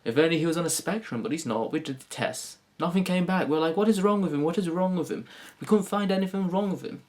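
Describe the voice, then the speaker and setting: A man voicing an exasperated middle-aged mother who is complaining in a shrill, theatrical way. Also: fast talker, a little mellow, lightly acted.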